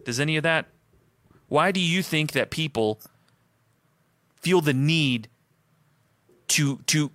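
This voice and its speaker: A married man co-hosting a casual Christian talk stream, thinking out loud and posing questions to his partner and the chat. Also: on the high side, slow pace, long pauses, dry recording. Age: adult, married. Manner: thoughtful, musing, asks questions aloud. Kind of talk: casual faith discussion.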